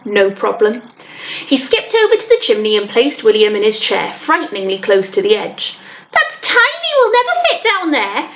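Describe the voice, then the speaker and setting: A woman teacher reading a children's novel aloud with expressive storytelling. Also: on the high side.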